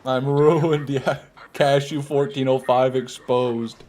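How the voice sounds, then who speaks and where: A man's voice: medium pitch, flat delivery, slow pace, darkish tone. A man streaming a video game live, chatting casually, joking and answering his chat as he plays. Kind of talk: live gameplay commentary.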